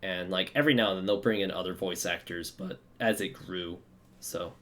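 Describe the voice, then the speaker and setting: A man hosting a podcast in casual chat, explaining quickly and laughing easily. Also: deep voice, fairly bright tone. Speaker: podcast host.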